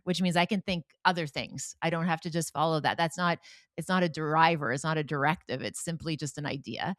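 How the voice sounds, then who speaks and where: A lower-pitched middle-aged woman hosting a podcast conversation. She tells her stories with animation and slips into the voices of the people she quotes. Her voice sounds close and dry. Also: fairly quick, fairly bright tone, no echo. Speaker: podcast host. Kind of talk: conversational interview.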